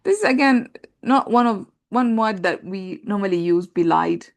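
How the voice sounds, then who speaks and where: Lady teacher explaining grammar, kinda gravelly, lots of ums and uhs while she thinks. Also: mid-range voice, expressive, normal speed. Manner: explains patiently, thinks aloud with many fillers; reads translations aloud and compares them. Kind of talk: conversational class lecture.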